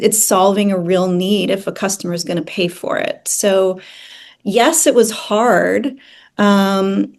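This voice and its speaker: A woman founder being interviewed, telling her company's story in an earnest, measured way. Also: mid-range voice. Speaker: founder and CEO, interview guest. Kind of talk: casual interview conversation.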